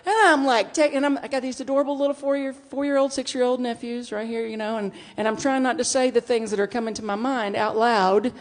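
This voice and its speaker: A woman minister giving a storytelling sermon, acting out dialogue with big jumps in pitch and loudness. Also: fast talker, few pauses. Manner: animated, acts out dialogue with big swings in pitch and volume. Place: church sanctuary.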